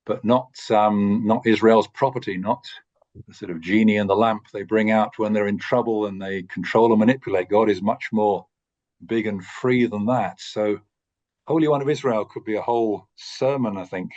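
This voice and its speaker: A man teaching a course on preaching, speaking in a thoughtful, measured way with frequent pauses and restarts. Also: fairly low pitch, a little mellow, dull audio. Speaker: course tutor.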